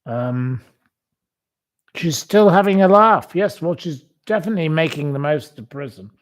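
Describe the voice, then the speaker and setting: A man's voice: fairly high pitch, animated, moderate pace. A man hosting a live stream, rambling and scornfully insulting the people he talks about.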